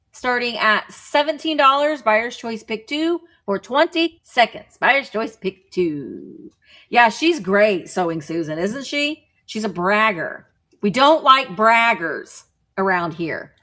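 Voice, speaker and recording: A woman's voice: on the high side, expressive, measured pace, pushed and bright. A woman selling vintage items in a live online auction, chatting playfully while she calls the lots.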